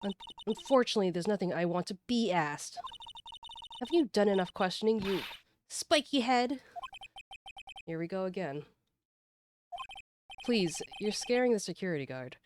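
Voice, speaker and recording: A woman's voice: medium pitch, expressive, normal speed, long pauses, noisy background, pitched above the performer's own voice, close to an everyday voice. A woman voicing a sly young female witness whose sweet facade has dropped, taunting and mocking. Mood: sneering.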